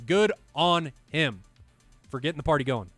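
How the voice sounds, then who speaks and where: A man giving excitable play-by-play commentary on a flight combat match, talking straight to the viewers. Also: on the high side, moderate pace, no echo, soft background music. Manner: excitable, talks to the viewers directly. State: out of breath at times. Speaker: esports commentator.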